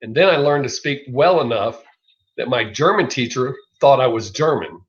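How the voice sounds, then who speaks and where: A middle-aged Southern US man hosts a casual livestream chat at a normal speed, his medium-pitched voice carrying a lively intonation. He rambles, swears freely and laughs frequently over a dull, lo-fi recording.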